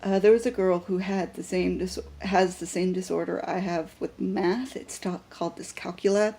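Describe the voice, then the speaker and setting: A woman's voice: on the low side, fairly even intonation, normal speed, vocal fry, dark tone, slightly rough. A young woman talking unscripted to a handheld camera in a personal vlog, rambling with lots of fillers and restarts. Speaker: vlogger.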